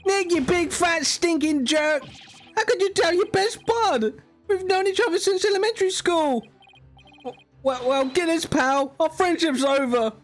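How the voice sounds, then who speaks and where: A man's voice: very high-pitched, unhurried, soft background music, pitched above the performer's own voice. A man voicing a whiny, overdramatic young man, stammering and wailing as he reads game dialogue aloud. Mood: outraged. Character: loud whiny young man, dramatic best friend.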